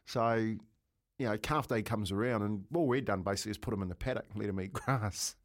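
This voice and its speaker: A middle-aged man with a New Zealand accent, telling a lively story in casual radio chat and laughing as he goes. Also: fairly low pitch, fairly quick. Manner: animated storyteller, laughs often, calls people mate.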